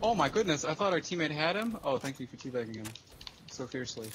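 A young man reacts animatedly during gameplay, swinging between dry sarcastic remarks and sudden shouts. His pitch moves a lot, and clear gunfire and game noise sit behind him. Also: big pitch swings, fast talker. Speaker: gaming teammate. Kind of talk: casual gameplay chat.

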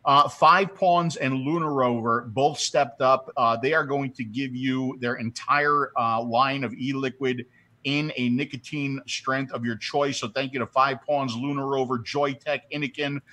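A man's voice: medium pitch, fairly even intonation, a little slow, pushed and bright. A man hosting a casual show, joking and teasing his co-host while walking through a giveaway. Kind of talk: casual chat and giveaway announcement.

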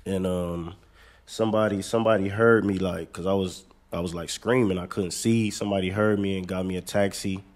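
Low-voiced american guy, laid back, keeps saying man, casual story. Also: brisk. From United States. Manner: relaxed, laid-back, says "man" a lot. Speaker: basketball player, guest.

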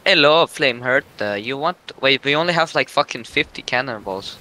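A young man talks his way through a game, goofing off with a string of silly jokes. His voice is bright and forward, close on a desk mic, with a faint hiss underneath. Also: medium pitch, expressive, brisk, low-quality recording. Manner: goofy, joking, rambling. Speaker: gaming video host. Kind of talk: casual gameplay chat.

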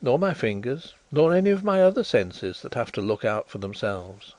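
Man doing a genial blind detective, smooth and calm, lively pitch, dry sound. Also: moderate pace, no echo, lightly acted. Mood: suave. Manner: suave and placid.

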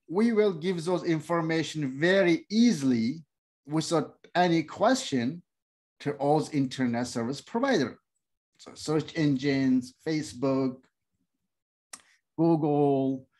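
Slow, halting male lecturer, non-native. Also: fairly high pitch, darkish tone. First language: Uyghur. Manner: halting, many fillers and restarts. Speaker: instructor. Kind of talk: classroom lecture.

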